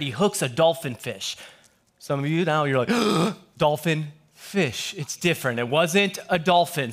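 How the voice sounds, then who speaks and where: A man pastor giving a sermon to his church, telling jokey stories with quick asides before reading scripture. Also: a little high, a bit bright. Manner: joking storyteller, quick asides. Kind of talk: humorous sermon.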